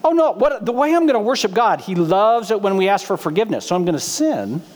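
A defensive ancient king whines and protests his own innocence in a pitched-up voice, as a preacher acts him out. His words ring with the long reverb of a big church hall. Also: sing-song, quick pace. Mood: smug. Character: defensive self-justifying ancient male king.

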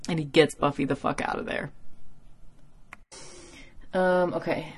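A young woman with a low voice hosts a casual episode recap. She rambles in a chatty, profane way, leaning on "like" constantly. There is a tired edge from a long workday. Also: vocal fry. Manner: chatty, profane, heavy use of "like". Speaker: podcast host.

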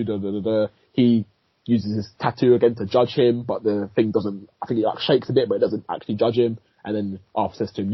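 A man's voice: lowish voice, steady tone, a little fast, husky, no echo, highs cut off. A man, a podcast co-host recapping a TV episode in rambling casual chat, swearing and laughing as he goes.

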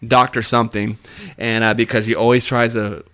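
A man's voice: medium pitch, level tone, moderate pace, pushed and bright, clear, resonant tone. A man, a paramedic co-hosting a podcast, telling work stories in casual chat, swearing often, laughing and acting out what people said. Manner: profane, laughing, acts out quotes.

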